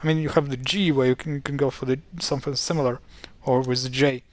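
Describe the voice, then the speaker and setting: Talking fast in a steady, mid-range voice, a chatty man walks through pronunciation on a relaxed screen-share. He's exasperated by mispronunciations and often uses fillers and restarts his sentences.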